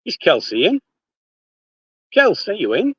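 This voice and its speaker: This older man's voice sits high and swoops wildly in pitch, a little slow, a bit bright, with a breathy edge. Chatting casually on a handheld phone livestream, he greets viewers by name, blunt and swearing freely, speaking before thinking, with his Yorkshire, England accent. The recording is muffled with no echo.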